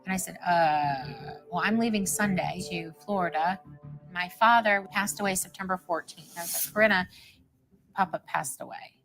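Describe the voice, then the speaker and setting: A woman's voice: lowish voice, moderate pace, fairly bright tone, soft background music, poor audio. A woman interviewed as the mother of a missing daughter, telling her story plainly and acting out the dialogue she quotes. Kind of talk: emotional recounting in an interview.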